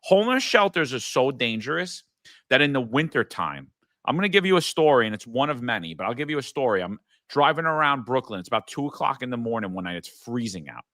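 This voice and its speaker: A man's voice: mid-range voice, very animated, quick pace, pushed and bright, no room sound. A man, a former police sergeant co-hosting a podcast, telling blunt, profane stories in casual political talk. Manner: blunt, profane, emphatic storyteller. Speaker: podcast co-host.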